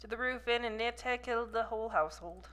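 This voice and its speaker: A woman's voice: lowish voice, a little slow, bright, forceful tone, clear, resonant tone. A woman voicing a gloomy young Scottish man in a clumsy put-on Scottish accent, glum and plain-spoken.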